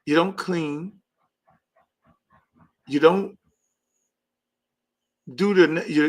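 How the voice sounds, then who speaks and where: A man hosting his own podcast in a loose, casual monologue. His voice sits high for a man. He talks bluntly and brashly, swearing freely as he rants. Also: fairly bright tone. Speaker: podcast host. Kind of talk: casual talk show monologue.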